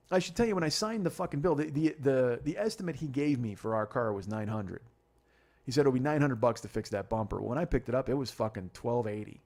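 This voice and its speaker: A man's voice: on the high side, a little mellow. A man hosting a comedy podcast, telling a story in a profane, exasperated rant. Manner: profane, exasperated, fast rambling rants. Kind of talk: ranting comic storytelling monologue.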